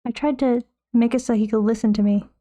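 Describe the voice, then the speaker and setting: A woman's voice: on the high side, fairly even intonation, brisk, dark tone. A young woman streamer chatting casually while painting, playful and swearing freely.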